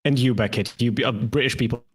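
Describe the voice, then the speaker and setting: Man panelist, teasing and provocative, mid-pitched voice, online call chat. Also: quick pace, breathy edge. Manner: mock-therapist teasing, playful provoking.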